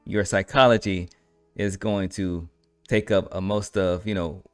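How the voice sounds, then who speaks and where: A man hosting an online talk episode, explaining in a relaxed, conversational way and often asking "right?". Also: deep voice, a little slow, smooth, faint music behind. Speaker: host. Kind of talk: casual explanatory talk to camera.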